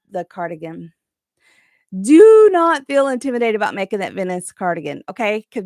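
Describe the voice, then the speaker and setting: A woman's voice: mid-range voice, no echo, studio quality. A woman hosting a live crochet chat from her craft room at home, chatty, rambling and encouraging.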